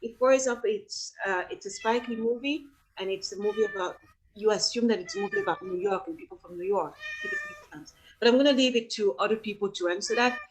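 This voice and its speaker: A woman's voice: medium pitch, big pitch swings, fast. French-accented woman moderating a panel. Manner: thoughtful, frequent restarts.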